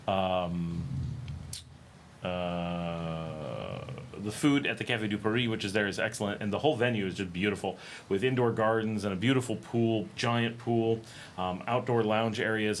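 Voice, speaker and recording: A man's voice: fairly low pitch, a little hiss or hum. A middle-aged American man chatting casually on his livestream, rambling with many ums and restarts. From United States. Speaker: livestream host.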